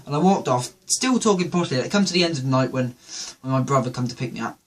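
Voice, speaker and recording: A man's voice: mid-range voice, expressive, brisk, few pauses. A man hosting a show, telling a rambling, jokey comedic monologue. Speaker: host.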